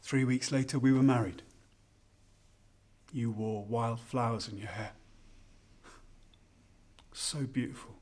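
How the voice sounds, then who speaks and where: A man's voice: mid-range voice, fairly even intonation, takes it slowly, pauses often, a little mellow, natural voice. An actor performing a scripted monologue as a husband who fondly and ruefully reminisces while toasting his wife on their anniversary. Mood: wistful. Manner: intimate, confiding, rambling reminiscence. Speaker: narrator of a spoken monologue.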